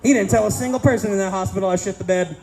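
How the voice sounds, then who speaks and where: A man's voice: high-pitched, racing, a little mellow, soft background music, rough recording. A man in his thirties doing a crude, self-deprecating stand-up comedy set with punchy delivery on a casino stage. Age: 30s.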